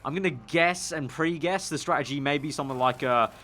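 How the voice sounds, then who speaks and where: A young man with a Northern English accent, giving casual game commentary in a chatty way, thinking aloud with excitable bursts. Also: a little high, a little fast, slight background noise. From Northern England. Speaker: gaming YouTuber.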